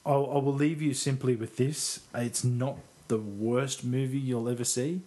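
A man's voice: mid-range voice, steady tone, measured pace, warm tone. A man co-hosting a podcast, chatting casually about a film he likes, rambling and self-deprecating, with casual swearing. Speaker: podcast co-host. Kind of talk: casual film review chat.

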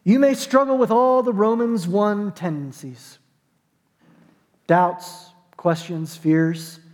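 High-voiced man preaching in a reverberant hall. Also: slow pace, a little mellow. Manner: conversational, emphatic, with dry self-deprecating jokes. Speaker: pastor. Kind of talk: sermon.

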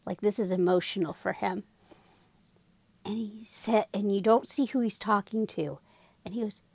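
A woman chatting casually as a podcast co-host, telling animated stories that swing from hushed asides to big laughs. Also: mid-range voice, moderate pace, long pauses, breathy edge, no room sound. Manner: animated storyteller, drops to whispers and bursts into laughter. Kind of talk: casual chat.

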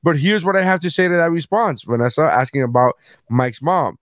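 Male podcast co-host, raised pitch, dry close sound; crude, giggly storyteller. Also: lively intonation, fairly quick, no echo. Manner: crude storytelling, laughs often. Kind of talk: casual comedic chat.

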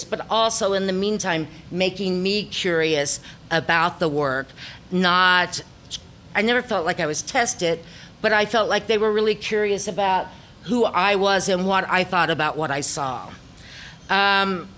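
Middle-aged woman, Ozark accent, lower voice, reflective storyteller with ums, faint room hum. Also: fairly bright tone. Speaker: theater director. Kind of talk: personal talk to an audience.

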